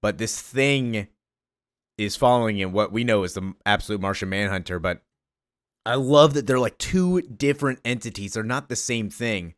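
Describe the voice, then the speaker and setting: A man recapping a comic book in a casual, excited way, gushing about it with lots of fillers. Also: fairly low pitch, moderate pace, no room sound.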